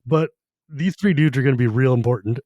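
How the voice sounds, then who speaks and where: A man's voice: mid-range voice, a little fast, mellow, dry recording, dull audio. A man co-hosting a podcast in casual fan discussion, enthusiastic and rambling, swearing now and then. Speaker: podcast co-host.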